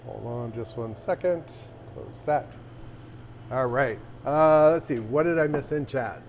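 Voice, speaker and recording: Arcade owner guy chatting on his stream, thinks out loud, faint room noise behind him. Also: medium pitch, unhurried. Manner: rambling, thinking aloud with restarts. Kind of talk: casual livestream chat. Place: arcade café interior.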